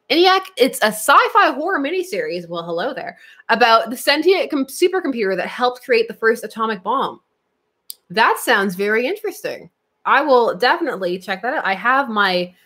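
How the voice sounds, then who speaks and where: A woman's voice: on the high side, animated, moderate pace, bright, forceful tone. A woman hosting a live comics stream, chatting casually with viewers, giggling often and thinking aloud while she looks things up at her computer. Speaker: comics channel host answering live chat.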